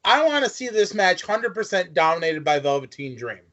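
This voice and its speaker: A man's voice: sits high, big pitch swings, normal speed, fairly bright tone. A man co-hosting a podcast, chatting casually and brashly about wrestling, joking and swearing freely. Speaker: podcast co-host. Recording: dull lo-fi audio.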